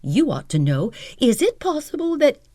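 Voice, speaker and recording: A woman voicing a bitter, spiteful woman in mourning, shrill and accusing in her speech. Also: huge pitch swings, moderate pace, mellow, no echo, studio quality. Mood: indignant.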